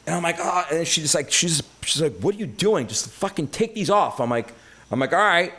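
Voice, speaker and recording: A man's voice: a little high, a little fast. A middle-aged man from Brooklyn, telling stories as a podcast guest, full of swearing and acted-out quotes. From Brooklyn, New York. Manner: profane, animated storyteller acting out quotes. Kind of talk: casual storytelling.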